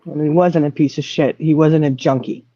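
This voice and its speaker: A man's voice: fairly high pitch, steady tone, brisk, warm tone, no echo. A man hosting a casual livestream chat, angry and profane, holding back tears. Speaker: livestream host. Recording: dull lo-fi mic.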